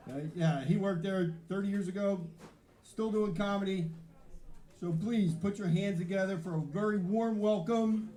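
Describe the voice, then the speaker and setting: A man hosting a comedy show, telling a quick joke and then introducing the next comedian. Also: high-pitched, dark tone. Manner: upbeat emcee patter. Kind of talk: emcee introductions and quick jokes. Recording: echoey hall with live audience.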